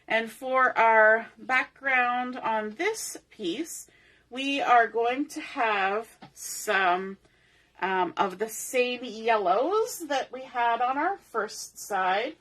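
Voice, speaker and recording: A middle-aged woman talks slowly through a papercraft tutorial, her voice bright and a little high. She is chatty and explains each step aloud as she works at her craft table. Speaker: papercraft host.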